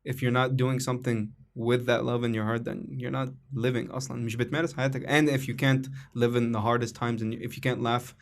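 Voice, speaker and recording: Young Egyptian male podcast host and comedian; quick, heartfelt, rambling delivery, mid-range voice. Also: mid-range voice, little pitch movement. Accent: Egyptian Arabic. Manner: emotional, rambling with restarts and laughs. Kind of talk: casual podcast conversation.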